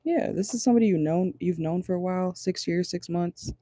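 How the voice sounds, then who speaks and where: Casual channeled tarot reading, profane and blunt, laughing often, very dark mellow voice, dry close sound. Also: medium pitch, brisk, dry recording. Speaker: tarot reader. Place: parked car.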